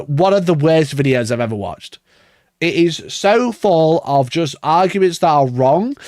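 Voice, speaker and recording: Here a wargaming YouTuber rants through a video reaction on a casual livestream, exasperated and sarcastic, swearing a lot and chuckling at himself. The high voice comes through clean studio sound with no echo.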